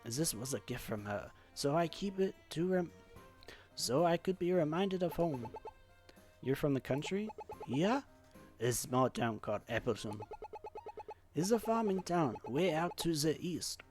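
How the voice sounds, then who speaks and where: Man voicing a proud fussy cook, put-on accent, animated pitch, soft music. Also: measured pace. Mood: earnest. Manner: prim, faintly put-on accent. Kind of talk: game dialogue read-aloud.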